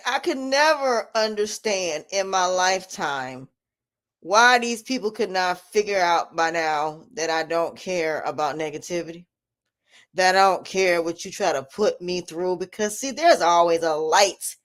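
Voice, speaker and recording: A woman talking casually to camera as a vlogger and life coach, defiant and emphatic, repeating herself and laughing often. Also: mid-range voice.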